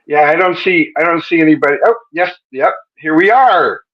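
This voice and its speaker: A man with a fairly high voice hosts a live-stream interview over a video call, joking and rambling as he goes. The audio is dull and lo-fi. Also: lively intonation, normal speed, a little hiss or hum. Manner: joking, rambling, self-correcting. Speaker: interview host.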